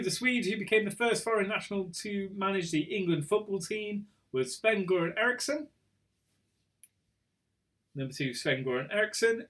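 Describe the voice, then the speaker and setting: A man with a high, fairly bright voice casually hosts an online quiz night, reading out questions and answers. He's chatty and self-mocking, tripping over his words and joking about it.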